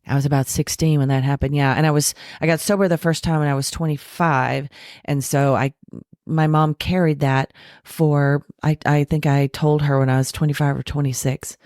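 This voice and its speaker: A woman guest candidly telling her recovery story, acting out quoted voices and slowing down to make her points. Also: sits low, dry recording, studio quality. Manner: frank, animated retelling with acted quotes and self-deprecating laughs; slows down and softens for spiritual points. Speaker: podcast guest.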